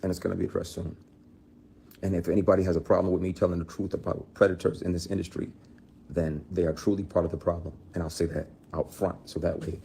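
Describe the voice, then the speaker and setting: A man from Michigan speaking emphatically and passionately, swinging between fired-up outbursts and quiet, grave statements. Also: deep voice, gravelly, slight background noise. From Michigan, USA. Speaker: actor. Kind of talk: impassioned spoken statement.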